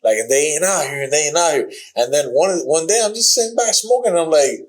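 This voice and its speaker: A man's voice: fairly high pitch, expressive, quick pace, rough recording. Rambling young man telling a story. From Miami. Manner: rambling, repeats himself, slangy. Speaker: guest fighter. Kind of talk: casual storytelling.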